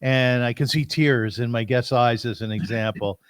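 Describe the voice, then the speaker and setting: A man's voice: medium pitch, fairly even intonation, moderate pace, clear, resonant tone, dry recording. A man hosting an interview show, talking in a chatty way and laughing easily. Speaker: host. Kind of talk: casual interview talk.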